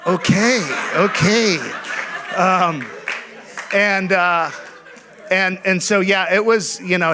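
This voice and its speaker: A man's voice: mid-range voice, pushed and bright, clean tone. A man, a church leader, telling his personal testimony to a church group in a candid, conversational way with frequent ums and restarts.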